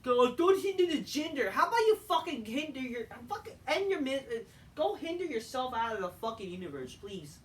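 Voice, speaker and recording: A man's voice: very high voice, very animated, brisk. Tired, foul-mouthed man ranting. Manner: profane, rambling, bursts into shouting rants. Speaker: wrestling show reviewer. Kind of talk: casual rant review. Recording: distant mic with faint background noise.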